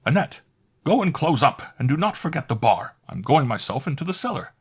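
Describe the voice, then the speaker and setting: A man's voice: fairly high pitch, big pitch swings, brisk, husky, pitched above the performer's own voice, exaggerated voice. A man doing a shrieking old landlady. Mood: bossy. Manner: shrieking in terror. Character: portly old landlady, shrill and panicky.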